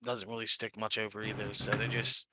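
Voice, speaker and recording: A man's voice: on the low side, monotone, a little fast, bright, forceful tone. A man playing a tabletop game, chatting offhandedly and arguing back. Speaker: player. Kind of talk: casual tabletop role-play chat.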